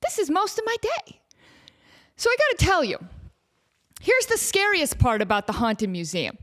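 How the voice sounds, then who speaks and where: A woman podcast host telling a comedic story, self-deprecating and acting out quotes in an animated way. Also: very high-pitched, moderate pace. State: out of breath.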